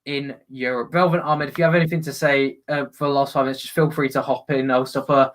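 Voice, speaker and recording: A man hosting a live football watch-along, chatting and breaking into excited commentary. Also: mid-range voice, quick pace. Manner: excitable, bursts into loud commentary on goals.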